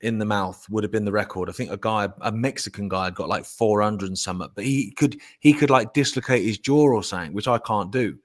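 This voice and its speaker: A middle-aged man with a low voice, telling sweary, animated stories as a podcast co-host. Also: brisk, few pauses. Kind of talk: casual chat.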